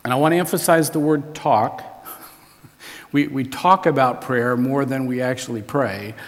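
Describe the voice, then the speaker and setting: A man's voice: medium pitch, normal speed, in a large hall. A man preaching a sermon as a pastor, in a conversational way that often restarts and repeats words.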